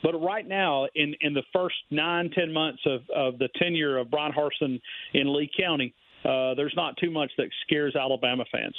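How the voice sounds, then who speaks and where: Over a tinny phone line, a man whose voice sits on the high side talks sports at normal speed as a guest on a sports radio phone interview, with no room sound. He's emphatic and rambling, restarting often.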